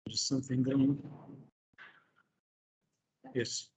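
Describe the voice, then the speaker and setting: A man's voice: medium pitch, steady tone, extremely slow, a little mellow, echoey room, rough recording. A man teaching an English class online, patient and mixing in Arabic words.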